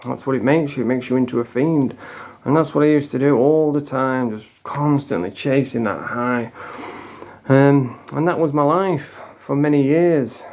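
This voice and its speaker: A man's voice: medium pitch, moderate pace, darkish tone. A man, a former addict telling his story in a frank, casual monologue full of swearing. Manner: frank, swears a lot, plain-spoken.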